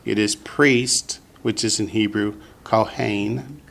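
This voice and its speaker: A man teaching a Hebrew vocabulary lesson to a class, patient and slow, repeating each word for the students. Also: on the low side, fairly even intonation, gravelly, fairly bright tone.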